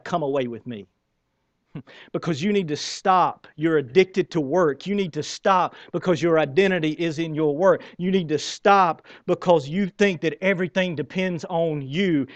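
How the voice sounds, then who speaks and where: High-voiced pastor, dry sound. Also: male voice, no room sound. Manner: conversational and animated, repeats words, asks the crowd questions. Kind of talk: sermon.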